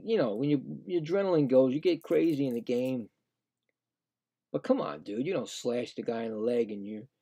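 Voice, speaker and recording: A man giving casual, excitable play-by-play of a hockey game, indignant and rambling with frequent restarts. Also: medium pitch, creaky, husky. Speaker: live play-by-play streamer.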